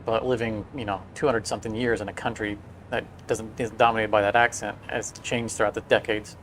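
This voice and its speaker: A man's voice: fairly low pitch, flat delivery, brisk, fairly bright tone, slight background noise. Rambling male game streamer. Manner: rambling, storytelling with restarts. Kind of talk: casual livestream chat.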